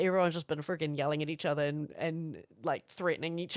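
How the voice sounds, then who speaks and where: A young woman from Florida, streaming and chatting casually with viewers, animated and swearing now and then. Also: low-pitched, quick pace, few pauses. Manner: animated, swearing, reads out chat. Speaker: livestreamer.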